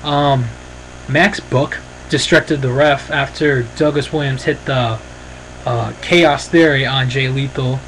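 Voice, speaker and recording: A man's voice: mid-range voice, fairly even intonation, takes it slowly, a bit bright, a little hiss or hum, poor audio. A man giving a casual, rambling and opinionated review, often saying "freaking". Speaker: wrestling show reviewer.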